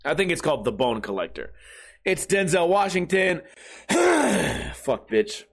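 A man hosting his own podcast, hoarse and with a failing voice, grumbling and cursing his way through a casual rant. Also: on the high side, sing-song, normal speed. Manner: profane, grumbling, self-deprecating. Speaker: podcast host.

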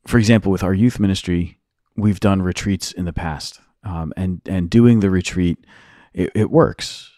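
Guy on a podcast talking through youth ministry stuff, lowish voice, keeps restarting his sentences, dry close sound. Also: moderate pace, mellow, no echo. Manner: earnest, rambling explanations with many restarts. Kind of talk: casual podcast chat.

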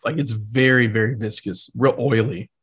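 Casual male co-host, relaxed and profane, filler-heavy chatter about sports and drinks. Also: mid-range voice, moderate pace, breathy edge. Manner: laid-back, profane, uses lots of fillers like "like" and "man". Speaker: podcast co-host. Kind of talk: casual chat about sports and whiskey tasting.

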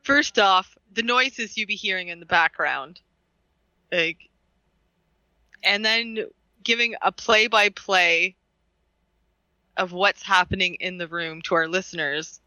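Woman, podcast co-host, very bright voice, giggly, rambling, lots of fillers, dry close sound. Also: fairly low pitch, slow, long pauses, clear, resonant tone, dry recording, dull audio. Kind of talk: casual podcast chat.

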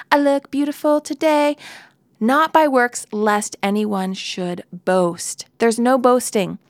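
A woman's voice: a little high, dry recording, studio quality. A woman preaching a sermon in an earnest, conversational way, with playful asides.

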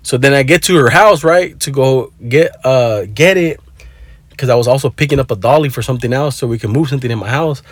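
A vlogger with a mid-range voice talks briskly, recorded on his phone with no room sound. Laid-back and profane, he tells a rambling story in casual vlog style, sprinkling in Spanish words.

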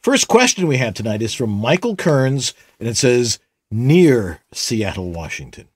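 A man's voice: mid-range voice, big pitch swings, measured pace, husky, dry recording. A man co-hosting a casual tech show, reading listener questions with wry, jokey asides.

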